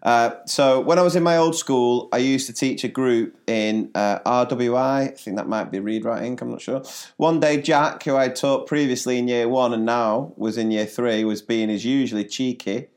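A man's voice: medium pitch, fairly even intonation, normal speed, few pauses, darkish tone. A man, a teacher co-hosting a podcast, telling classroom stories in a dry, joking way. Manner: dry storytelling, laughs at own jokes. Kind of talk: casual storytelling chat.

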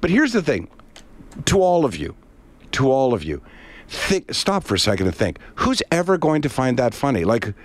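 A man co-hosting a radio show with a mid-pitched voice and a lively, varied pitch. He tells a story in a relaxed, conversational way and turns to address the listeners directly. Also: normal speed, no room sound. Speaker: radio co-host. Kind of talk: casual on-air chat.

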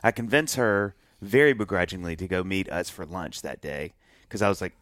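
A man telling a story in a casual interview, animated and acting out voices of the people in it. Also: sits low, normal speed, no echo, clean studio sound. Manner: animated, acts out voices of himself and others in his stories. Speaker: musician telling his love story.

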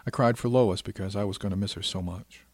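Low-voiced man narrating a story. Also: slightly rough, no echo. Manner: measured and reflective. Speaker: audiobook narrator. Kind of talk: scripted first-person narration.

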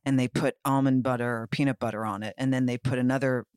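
A man co-hosting a casual podcast, playful and teasing as he rambles through stories. His voice sits at an ordinary middle pitch. The mic is close and dry, with no room sound at all. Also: fairly even intonation, fast, clear, resonant tone, no room sound. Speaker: podcast co-host. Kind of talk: casual chat.

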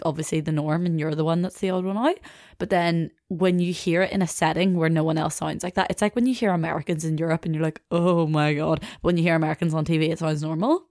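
A woman's voice: on the low side, darkish tone, dry recording, studio quality. A young woman hosting a casual, rambling solo podcast chat, swearing and laughing as she goes. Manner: chatty, rambling, swears and laughs easily, mimics accents. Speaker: podcast host.

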